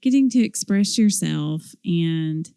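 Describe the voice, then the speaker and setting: A woman's voice: fairly low pitch, lively intonation, slow, creaky, dark tone, smooth, no room sound, clean studio sound. A middle-aged woman co-hosting a podcast in casual chat, agreeable and encouraging. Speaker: podcast co-host.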